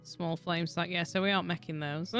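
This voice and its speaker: A woman's voice: on the low side, very animated, normal speed. Chatty Yorkshire woman streaming a game. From Yorkshire, England. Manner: chatty, rambling, swears freely, frequent laughter. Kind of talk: casual livestream chat while gaming. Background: soft background music.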